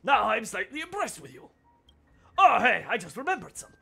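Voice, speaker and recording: A man voicing a jealous, pompous male bar customer in a game with a put-on accent, haughty and quick to flare up. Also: high voice, very animated, bright, forceful tone, pitched above the performer's own voice, heavily acted. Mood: smug, wheedling. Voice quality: gravelly, breathy put-on accent.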